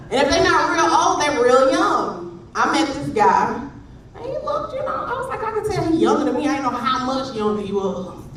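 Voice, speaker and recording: A woman's voice: high voice, very animated, takes it slowly, long pauses, fairly bright tone, a little hiss or hum. A woman in her thirties with a Southern accent from Alabama, performing a stand-up comedy set with sassy, drawling punchlines. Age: 30s. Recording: roomy, distant stage audio.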